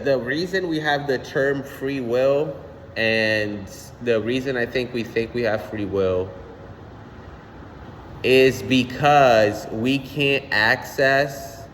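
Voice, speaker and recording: A young man ranting casually on his own channel, animated and slangy, swearing often and repeating "son". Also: mid-range voice, long reverb tail, slight background noise. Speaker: vlogger. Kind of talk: casual rant.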